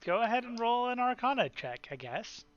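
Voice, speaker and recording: A man running a tabletop game as dungeon master, describing scenes and calling for rolls in a relaxed way. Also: very high voice, normal speed, dull audio.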